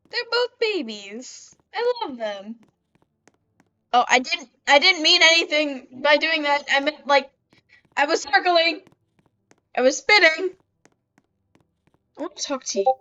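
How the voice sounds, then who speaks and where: A woman's voice: sits high, pushed and bright, dull audio. A woman giving let's-play commentary, chatty and talking back to the game characters as she plays. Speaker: gamer.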